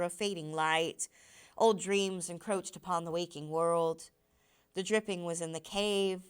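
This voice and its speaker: Smooth, low-voiced woman reading aloud. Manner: measured, even narration. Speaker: teacher.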